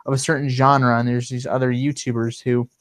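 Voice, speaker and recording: A man chatting casually on a livestream as the host, his voice smooth and resonant. He rambles along, full of ums and restarts, at an ordinary middle pitch. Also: little pitch movement, brisk. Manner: rambling, many fillers and restarts.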